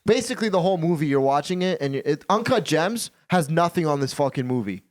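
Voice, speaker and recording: A man hosting a casual podcast chat, talking in an animated, repetitive way and swearing freely. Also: fairly high pitch, fairly quick. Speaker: podcast host.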